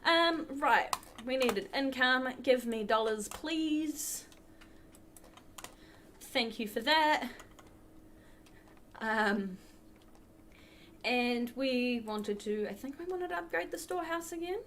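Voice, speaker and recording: Hosting a charity livestream from her computer, a woman plays a game and chats casually with the viewers in chat. Her high, fairly bright voice is animated, but she takes it slowly with long pauses. A little hiss or hum is present.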